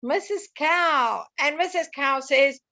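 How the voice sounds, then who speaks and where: A woman's voice: sits high, slow pace, bright, forceful tone. A woman teaching a lesson to young children, sing-song and coaxing, asking them questions as she goes.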